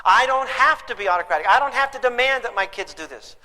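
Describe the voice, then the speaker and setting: A man's voice: very high voice, animated, fast, pushed and bright, big-room sound, rough recording. A man teaching a parenting class to a live audience, emphatic and throwing questions at them.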